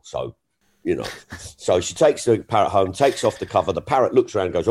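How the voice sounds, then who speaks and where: Animated low-voiced comedian. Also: male voice, fast. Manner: animated storyteller, jumps in pitch for punchlines. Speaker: stand-up comedian. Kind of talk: casual podcast conversation.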